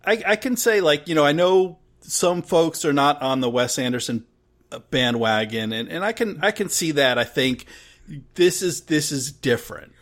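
A man's voice: fairly high pitch, lively intonation, fairly bright tone. A man hosting a podcast, talking casually with frequent stammered restarts. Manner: halting, stammering restarts, friendly sign-off. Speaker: podcast host.

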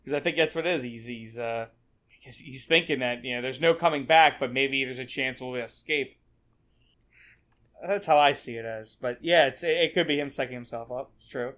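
A man co-hosting a casual film discussion, playful and quick to act out characters. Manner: playful, acts out characters in excited high voices. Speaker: podcast co-host.

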